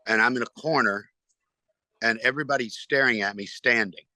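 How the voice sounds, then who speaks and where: A man who is a stand-up comedian, telling a long story in a podcast interview, rambling and halting with restarts. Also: medium pitch, bright, forceful tone.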